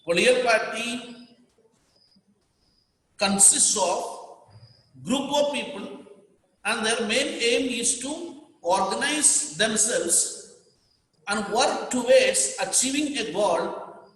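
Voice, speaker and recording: High-voiced Indian man lecturing in an echoey hall. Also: a bit bright. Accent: Indian English. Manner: repetitive, emphatic, dictating to students. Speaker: teacher. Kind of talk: classroom lecture.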